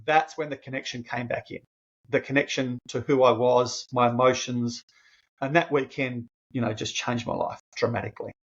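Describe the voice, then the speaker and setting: A slightly rough, mid-range male voice at a moderate pace, captured in dull audio. The speaker, a podcast guest in his fifties, shares a personal story earnestly and emotionally, often beginning phrases again and getting animated as he quotes himself.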